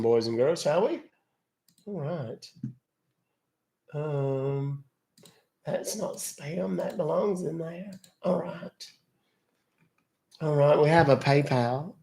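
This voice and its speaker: A man's voice: a little high, slow pace, vocal fry, long pauses, a little mellow. Chatty man with a worn voice. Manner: chatty, wry, loose asides. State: voice not fully recovered. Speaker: scam-baiting streamer. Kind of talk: live stream commentary.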